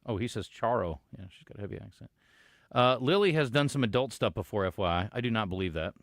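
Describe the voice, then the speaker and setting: A man's voice: fairly low pitch, animated, quick pace, no echo, clean studio sound. A man hosting a radio show, joking casually with his co-host and reading listener texts aloud. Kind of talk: casual sports radio banter. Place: radio studio. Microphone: studio microphone.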